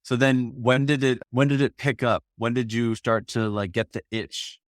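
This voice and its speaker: A man's voice: medium pitch, fairly even intonation, normal speed, no echo, clean studio sound. A man hosting a podcast interview, encouraging and asking follow-up questions that rephrase what the guest said. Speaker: podcast host. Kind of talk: casual interview.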